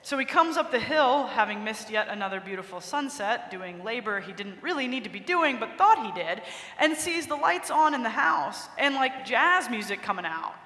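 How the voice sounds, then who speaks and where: Woman preacher, casual storytelling sermon, high bright voice, big echoey cathedral. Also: moderate pace. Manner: conversational storytelling, expressive. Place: large cathedral.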